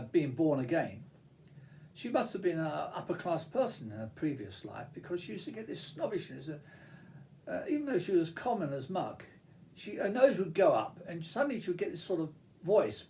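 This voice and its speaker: An older man rambles through personal memories, his pitch rising and falling a lot. His voice sits a little high for a man, and he restarts sentences often as he digresses. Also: darkish tone, a little hiss or hum. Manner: reminiscing, digressive, frequent restarts and fillers. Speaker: vlogger.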